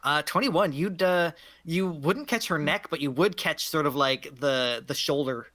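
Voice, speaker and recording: A woman's voice: low voice, fairly bright tone. A woman narrating as game master of a tabletop role-playing game, casual and filler-heavy. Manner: casual, with many fillers and quick laughs.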